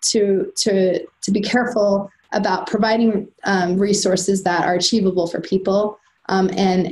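Woman presenter, training lecture, halting delivery with fillers, mid pitch. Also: darkish tone, rough recording. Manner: hesitant, many fillers and restarts. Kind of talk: recorded slide-lecture presentation.

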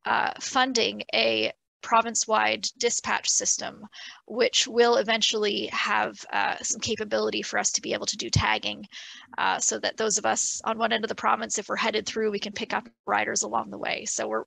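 An earnest woman from Nova Scotia speaks on a video call, her voice bright and heavily gravelly. Her pitch stays fairly flat as she answers with many ums. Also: moderate pace, poor audio. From Nova Scotia, Canada. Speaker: awardee and panelist from a rural transit group. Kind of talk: virtual panel answer.

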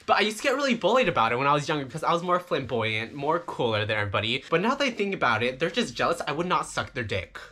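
A flamboyant young man talks straight to his viewers in a campy, foul-mouthed confessional vlog. His voice is bright and forceful, and his pitch swoops all over as he jokes. He sounds excited and playful throughout. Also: very fast, few pauses. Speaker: vlogger.

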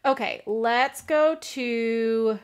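A woman's voice: on the high side, extremely slow, clear, resonant tone. A woman hosting a book club channel, gushing and fangirling as she recaps chapters in a casual way.

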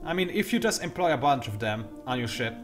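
Fast-talking young man explaining game strategy. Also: medium pitch, big pitch swings, faint music behind. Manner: talks fast, self-admittedly; dry sarcastic asides. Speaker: gameplay tutorial host. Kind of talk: explanatory let's-play commentary.

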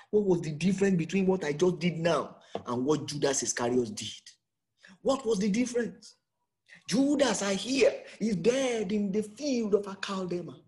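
A man delivering a sermon in a fairly high voice. He acts out the scripture dialogue, jumping from shouted cries to near whispers. He repeats words for emphasis. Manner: dramatic, swings from loud to hushed, acts out quotes. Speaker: preacher.

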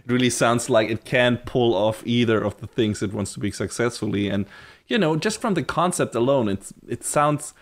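A man co-hosting a podcast in casual chat, relaxed and hedging, laughing easily. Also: medium pitch, moderate pace. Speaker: podcast co-host.

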